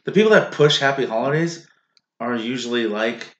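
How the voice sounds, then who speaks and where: A man co-hosts a casual podcast chat, blunt and quick to swear. His pitch swings widely as he rants. The room around him is roomy and echoing. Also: highs cut off. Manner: blunt and profane, animated rants. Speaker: podcast co-host. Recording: echoey room.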